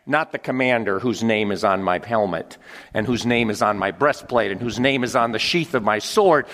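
A man's voice: mid-range voice, sing-song, moderate pace. Dramatic male preacher in an echoing hall. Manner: dramatic swings from hushed whispers to shouted climaxes. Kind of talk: dramatic sermon. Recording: long reverb of a large hall.

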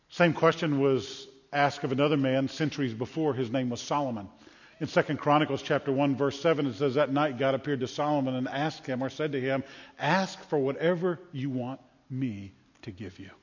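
A man preaching a sermon, dramatically acting out scripture voices and rising to loud calls. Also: fairly high pitch, moderate pace. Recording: dull sound with long hall reverb.

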